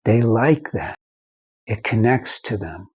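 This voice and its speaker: Slow husky older man giving marriage advice. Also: medium pitch, lively intonation, darkish tone, muffled recording. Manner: slow, folksy storytelling with acted-out quotes. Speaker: marriage counselor and foundation founder. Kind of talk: advice monologue to camera.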